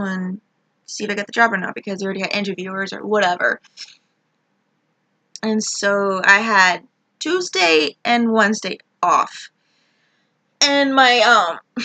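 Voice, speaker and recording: A woman's voice: a little high, sharp tone, dry recording. A young woman telling a frustrated, rambling story about her job, swearing a lot as she vents. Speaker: vlogger. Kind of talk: ranting personal story.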